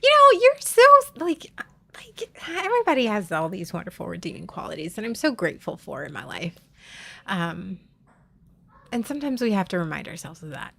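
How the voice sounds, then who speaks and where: A woman's voice: lowish voice, sing-song, fairly quick, gravelly, slightly rough. A woman live streaming, talking candidly and heartfelt with her viewers, often restarting her sentences. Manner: confiding, swears casually.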